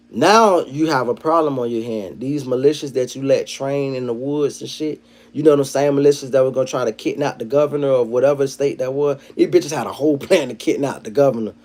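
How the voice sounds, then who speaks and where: A man hosting a livestream, telling stories in a profane, animated commentary style and breaking into acted quotes. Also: normal speed. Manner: animated, profane storytelling, jumps into high-pitched acted quotes. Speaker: livestream host.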